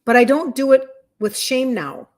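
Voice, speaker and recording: A woman's voice: high-pitched, animated, normal speed. A woman in her fifties, a health and wellness coach, chatting heartfelt and open on a livestream and reading viewer comments. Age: 50s.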